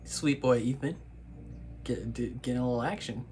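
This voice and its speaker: A man's voice: mid-range voice, moderate pace, a little mellow, faint music behind. A man hosting a reaction video, talking back at the screen in exasperated, casual commentary.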